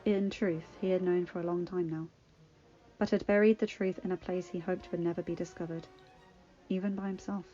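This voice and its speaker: A woman reading fanfiction aloud in a measured, expressive narration. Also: fairly low pitch. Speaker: fanfiction reader. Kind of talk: audiobook-style story reading. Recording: dull lo-fi recording. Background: faint music.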